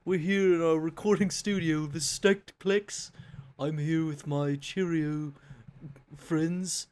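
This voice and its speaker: An American podcast host putting on a mock posh British voice to open the show, hammy and tripping over made-up place names. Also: male voice, sits high, fairly even intonation, measured pace, mellow, voice pushed up. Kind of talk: comedic put-on intro.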